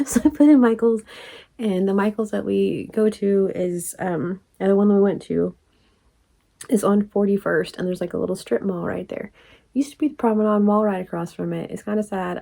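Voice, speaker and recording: Rambling lady in her 40s, kinda gravelly, mellow tone, laughs a lot. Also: mid-range voice, steady tone, a little fast. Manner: rambling, chatty, laughs often, drops to soft asides. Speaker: crochet vlogger. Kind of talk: casual storytelling vlog.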